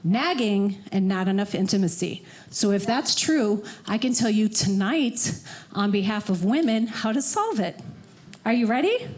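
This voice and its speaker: A woman performing a stand-up comedy set on a club stage, working the crowd with animated, loud outbursts. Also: medium pitch, moderate pace.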